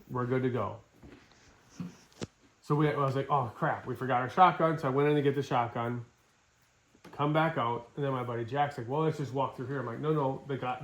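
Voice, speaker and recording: A middle-aged man from Wisconsin telling a hunting story in casual, animated talk. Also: medium pitch. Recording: echoey room.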